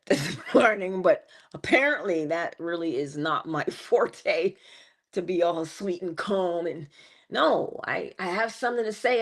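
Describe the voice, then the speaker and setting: Lively, preachy woman giving a morning pep talk. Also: on the low side. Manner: passionate, preachy, rising and falling emphasis; stretches key words slowly. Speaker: inspirational speaker. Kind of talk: spiritual motivational talk.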